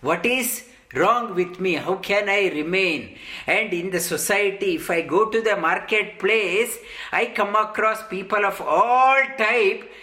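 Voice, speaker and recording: A man giving a slow, halting scripture discourse as a spiritual teacher, full of ums and restarts. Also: sits high, sharp tone. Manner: halting, many ums, slow deliberate explanation.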